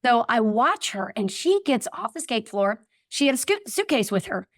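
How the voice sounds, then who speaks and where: A woman's voice: on the high side, normal speed, no room sound, clean studio sound. A woman guest telling a personal story in a casual interview, acting out the voices of people in it. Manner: animated, acts out voices in her anecdotes. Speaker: podcast guest.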